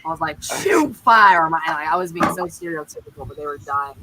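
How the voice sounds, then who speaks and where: A man's voice: a little high, steady tone, very fast, heavy background noise. A man with a Southern US accent hosting a casual sports chat stream, upbeat, with announcer-style hype calls. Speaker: host.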